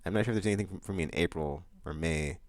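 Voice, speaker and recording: A man hosting his monthly vlog, chatting loosely with lots of fillers, restarts and bursts of excitement. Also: low voice, rapid-fire, no echo. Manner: excitable outbursts about upcoming games. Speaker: vlog host. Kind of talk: casual rambling monthly vlog chat.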